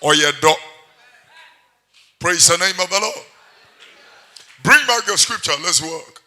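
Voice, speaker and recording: A man preaching a sermon. He swings between loud passages and quiet ones and breaks into song now and then. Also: high voice, measured pace. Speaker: pastor.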